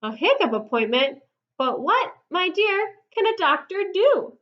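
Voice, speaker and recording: A woman's voice: very high voice, big pitch swings, a little slow, highs cut off, voice pushed up, heavily acted. A woman voicing a fussy father bear who hiccups through his rhyming lines, for a storybook read-aloud. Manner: hiccups in sing-song rhyme.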